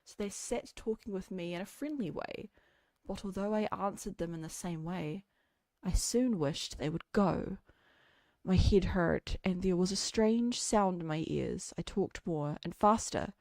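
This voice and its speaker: A woman with a New Zealand accent, reading a story aloud in a soft ASMR style and then chatting with her stream in a relaxed way that is full of laughter. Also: on the low side, unhurried, no room sound, studio quality.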